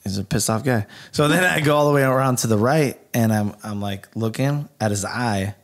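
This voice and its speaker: A man with a Californian accent, a barber telling a story on a podcast, animated and full of swearing, acting out what people said. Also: medium pitch, moderate pace. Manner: animated, swears a lot, acts out quotes. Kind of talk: casual storytelling chat.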